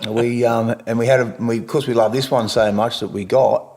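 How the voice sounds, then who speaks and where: An Australian man, a musician and podcast co-host, chatting casually at home, halting and restarting, with casual swearing. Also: medium pitch, fairly even intonation, a little mellow. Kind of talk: casual chat. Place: living room.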